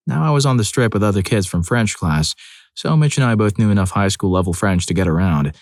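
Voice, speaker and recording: A man's voice: on the low side, a little fast, no echo. A man narrating reader-submitted stories in a scripted storytelling style, acting out the quoted lines, with wry asides.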